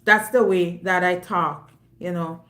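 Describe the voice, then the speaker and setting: Jamaican woman, live-stream host, loud and emphatic, roomy echo. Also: fairly low pitch, steady tone, measured pace. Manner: loud, emphatic, forthright talker. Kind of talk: casual live-stream chat.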